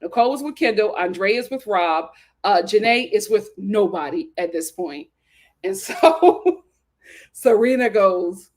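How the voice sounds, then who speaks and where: A woman's voice: medium pitch, a little slow. A woman hosting her own channel, telling a reality-show recap with sassy slang, dramatic flair and lots of laughter. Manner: dramatic, animated storytelling with frequent laughter; playful slang and sass. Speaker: YouTube show host.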